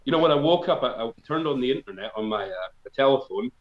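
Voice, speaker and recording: A man's voice: mid-range voice, lively intonation, fast talker. A man, a folk band member on a live stream, telling a long story in a rambling, self-mocking way. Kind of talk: casual storytelling. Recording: roomy, slightly dull live-stream audio.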